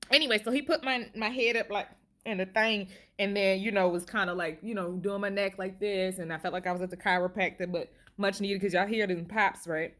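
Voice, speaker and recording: Bright, lively woman vlogger laughing through a story. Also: medium pitch, a little fast. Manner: animated, laughing often while telling a story. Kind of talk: casual storytelling to camera. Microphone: handheld phone.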